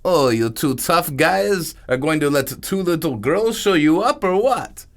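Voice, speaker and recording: Man voicing a sneering thug with broken english, higher and lively, slow taunting delivery, story reading. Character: menacing foreign party guy, broken English, taunting.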